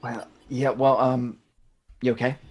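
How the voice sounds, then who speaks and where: A man reading a calm, sheepish rescuer. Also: medium pitch, unhurried, natural voice. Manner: calm, reassuring, a little sheepish. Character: steady, awkward man rescuing a woman. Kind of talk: amateur online script reading.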